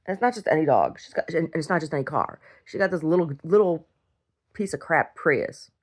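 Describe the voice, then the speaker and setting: A woman's voice: low voice, very animated, a little fast, slightly rough. A middle-aged woman talking casually in a video diary, blunt and swearing freely as she rambles from one complaint to the next. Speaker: video diarist.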